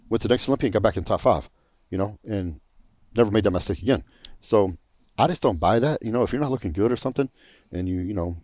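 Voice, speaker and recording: Blunt, fast-talking man. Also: fairly low pitch, darkish tone, no room sound. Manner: blunt, profane storytelling. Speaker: pro bodybuilder on a panel. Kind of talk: casual chat.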